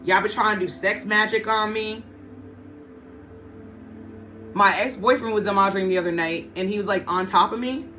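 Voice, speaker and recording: A woman reads tarot cards in a loose, casual way, talking bluntly and swearing freely. She hammers her points home by saying them again and again, her voice sitting at an ordinary middle pitch. Soft music plays faintly behind her. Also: steady tone, brisk. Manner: blunt, profane and emphatic, repeats herself. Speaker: tarot reader. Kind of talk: casual tarot reading to viewers.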